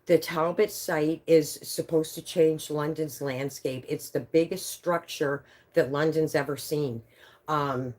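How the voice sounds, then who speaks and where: Woman, fifties, low-pitched voice, animated casual livestream chat, swears freely, talks to her viewers. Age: 50s. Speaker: livestream host.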